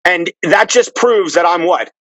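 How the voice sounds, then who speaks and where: A man guest on a podcast, telling stories in casual, profane, animated chat. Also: high-pitched, unhurried, no echo, poor audio.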